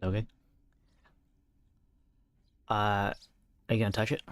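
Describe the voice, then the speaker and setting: Low-voiced game master narrating. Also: male voice, level tone, clean tone. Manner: measured, descriptive narration.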